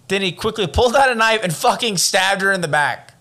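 Young man, podcast co-host, casual true-crime telling, profane jokes, bright tone. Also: high voice, expressive, quick pace. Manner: profane, joking asides.

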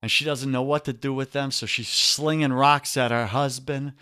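A man's voice: medium pitch, fairly even intonation, moderate pace, pushed and bright, clean tone, no room sound, studio quality. A man with a New York accent, a guest on a podcast interview, coaching listeners in an emphatic, preachy way and calling them brother.

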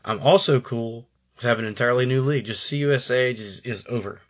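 A man's voice: medium pitch, brisk, muffled recording. A man co-hosting a casual sports podcast, rambling with many fillers and repeated words. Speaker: podcast co-host.

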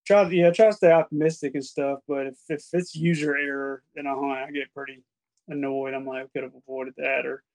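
A man's voice: medium pitch, fairly even intonation, brisk, a little mellow. A man talking as a podcast guest about hunting, earnest, often restarting his sentences. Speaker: podcast guest, turkey hunter. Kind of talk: casual chat.

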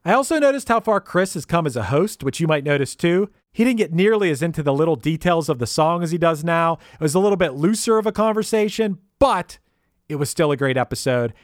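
A man's voice: on the high side, lively intonation, fairly quick, no echo, clean studio sound. A man who produces a podcast, giving a casual, upbeat episode intro with playful, jokey asides.

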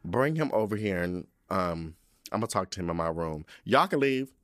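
A man's voice: deep voice, animated, moderate pace, no echo, clean studio sound. A man putting on the voice of a bossy old queen who orders a servant brought to her. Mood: commanding. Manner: imperious, dismissive.

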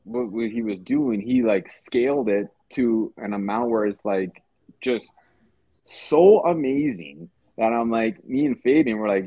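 A man's voice: fairly low pitch, expressive, measured pace, dry recording. A man from South Africa, a podcast guest, talking casually in loose slang with many restarts and fillers. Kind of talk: casual conversation. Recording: tinny phone-like call audio.

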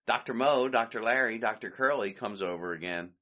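A man's voice: fairly low pitch, sharp tone. A man hosting a podcast, casually retelling an old comedy short, chatty and loose, and he chuckles often. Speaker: podcast host.

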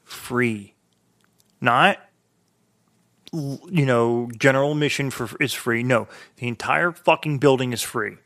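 A man's voice: mid-range voice, unhurried, pauses often, fairly bright tone. A man with a slight lisp, who has been drinking, telling a profane, rambling story in casual chat. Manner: profane, rambling, restarts a lot.

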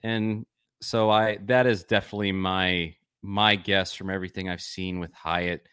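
A man's voice: sits low, fairly even intonation, a little slow, a bit bright, smooth, no room sound, studio quality. A man hosting a sports podcast, chatting with enthusiasm and rambling a bit as he restarts his sentences. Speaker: podcast host. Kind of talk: casual sports chat.

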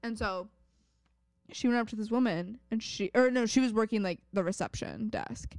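A young woman co-hosting a podcast in casual chat, an animated storyteller who swears casually. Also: a little high, moderate pace, no echo. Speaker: podcast co-host.

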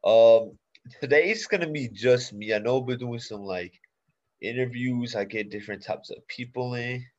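A man's voice: mid-range voice, normal speed. A young man in his late teens hosting his own podcast alone, talking casually in laid-back slang with lots of fillers. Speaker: podcast host. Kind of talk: casual solo podcast monologue. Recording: dull lo-fi sound.

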